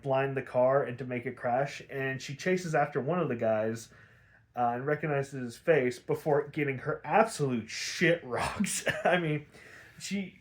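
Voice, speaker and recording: A young man hosting a podcast, recapping a cartoon episode in a loose, chatty way, full of fillers, swearing and laughter. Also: mid-range voice. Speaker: podcast host.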